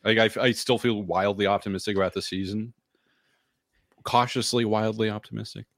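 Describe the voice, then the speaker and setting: A man co-hosting a sports podcast, talking in a loose, animated, rambling way. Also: lowish voice, moderate pace, dry recording, clean studio sound. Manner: animated and rambling, many fillers. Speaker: podcast co-host. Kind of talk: casual sports chat.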